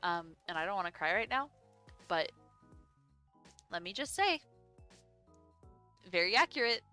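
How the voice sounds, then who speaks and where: A woman's voice: medium pitch, animated, unhurried, pushed and bright, smooth, faint music behind. A young woman streaming a game and chatting casually in a giggly, rambling, self-deprecating way. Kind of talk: casual live-stream commentary.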